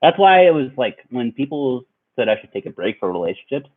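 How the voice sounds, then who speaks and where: A man's voice: mid-range voice, very animated, a little fast, narrow, tinny audio. Young guy rambling through a story with lots of ums, medium voice, sounds like over a phone. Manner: rambling, laughing storyteller with many fillers. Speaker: vlogger. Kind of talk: storytime vlog.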